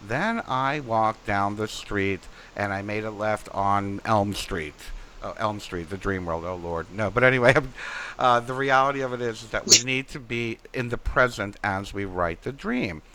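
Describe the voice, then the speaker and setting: A man hosting a talk show, calmly explaining a method step by step and acting out examples as he goes. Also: lowish voice, normal speed, slight background noise, rough recording. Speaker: podcast host, dream interpreter.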